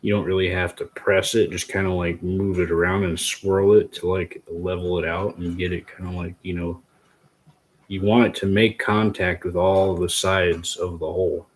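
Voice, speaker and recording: A man's voice: low voice, level tone, normal speed. A man hosting a casual livestream tutorial, rambling in a goofy way and chatting with his viewers as he works. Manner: goofy and rambling, talks to chat. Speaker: host demonstrating a DIY agar method.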